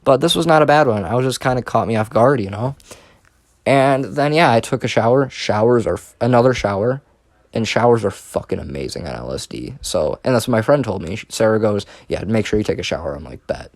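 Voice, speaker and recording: A man's voice: medium pitch, animated, brisk, dry recording. A young man telling a casual storytime monologue, rambling and profane, with frequent restarts. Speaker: storyteller vlogger.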